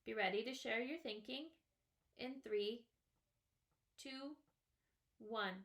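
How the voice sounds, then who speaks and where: Slow, patient woman teaching phonics. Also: a little high, fairly bright tone. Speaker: first grade teacher. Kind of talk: slow, clearly sounded-out phonics lesson. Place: classroom or home, writing on a small board.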